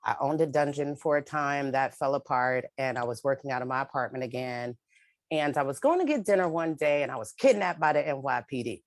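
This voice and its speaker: An advocate and panelist from New York City speaks over a remote video call mic in an extremely low, animated voice, talking a little fast on a dry recording. She performs a spoken-word poem and then tells her own story as personal testimony, directly and emphatically.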